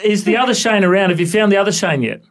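A man's voice: high voice, lively intonation, very fast, a little hiss or hum. An Australian man hosting a casual radio interview, chatty and friendly, tagging his sentences with "hey?" and "mate". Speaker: radio host.

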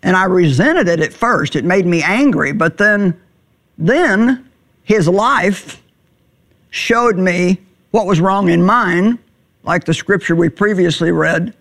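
A middle-aged woman teaching the Bible in a sermon, earnest and plainspoken, slowing down on words she wants to stress. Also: lowish voice. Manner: earnest, plainspoken, slows for emphasis.

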